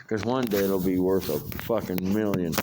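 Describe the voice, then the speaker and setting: A man's voice: low-pitched, fairly even intonation, moderate pace, noisy background. An older man talks in a rambling, profane vlog monologue, full of fillers and restarts. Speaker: vlogger.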